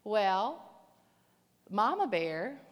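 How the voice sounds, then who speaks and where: Animated woman preaching in an echoey hall. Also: medium pitch, extremely slow. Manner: animated, emphatic storytelling. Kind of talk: sermon with personal story.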